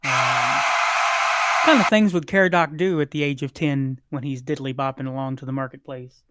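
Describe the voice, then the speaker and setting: Casual mid-pitched game master. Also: normal speed, a bit bright. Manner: casual, filler-heavy. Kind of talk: narrating a tabletop game.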